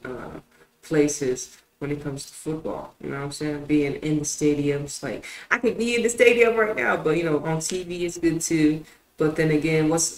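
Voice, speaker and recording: A young adult woman, a streamer and football show host who rants casually and with heavy swearing, going from low, thoughtful musing to loud, exasperated outbursts. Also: reverberant.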